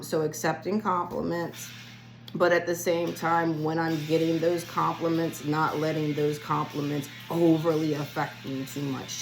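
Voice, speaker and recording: A woman's voice: low-pitched, low-quality recording. A woman giving a spiritual reading in a casual solo vlog, chatty and rambling as she talks straight to her viewers. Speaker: spiritual reader.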